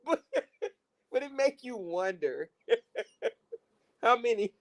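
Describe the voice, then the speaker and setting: Slow, slangy woman with laughing fits. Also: a little high, lively intonation. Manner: laughing fits, slangy, addresses viewers as y'all. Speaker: commentary vlogger. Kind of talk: casual commentary.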